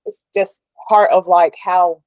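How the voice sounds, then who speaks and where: A woman's voice: fairly low pitch, fairly even intonation, unhurried, no echo, muffled recording. A woman interviewing a guest in a casual, chatty way, asking questions with many hedges.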